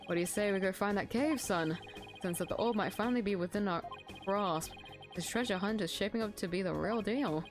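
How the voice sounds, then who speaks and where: A woman's voice: mid-range voice, brisk, music in the background, natural voice. A woman playing a boisterous older male treasure hunter in a game, with a hearty, teasing manner.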